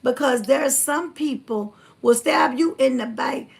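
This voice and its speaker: A woman hosting a livestream, talking bluntly and fiery, reading viewer comments and swinging from loud to hushed. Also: sits high, a little slow, gravelly. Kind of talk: casual preachy livestream talk.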